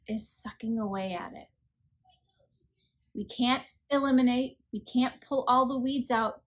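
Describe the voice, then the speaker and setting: A woman in her thirties hosting a faith podcast, talking in an earnest, conversational way and saying she is tired. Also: fairly high pitch. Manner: earnest, conversational, self-deprecating. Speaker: podcast host. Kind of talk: reflective faith podcast talk.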